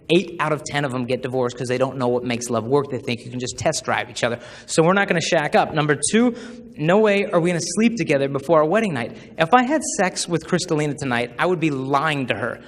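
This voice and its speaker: A young man with a fairly high voice gives a live talk in a large hall, where a long reverb trails after his words. He tells funny stories and slips into the voices of the people he quotes. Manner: humorous storyteller who acts out quoted voices. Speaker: speaker at a chastity talk.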